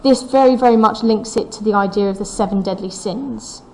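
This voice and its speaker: A woman's voice: mid-range voice, a little fast, mellow, low-quality recording. A woman teaching a recorded English lesson, explaining a poem step by step and reading its lines aloud with the stresses brought out.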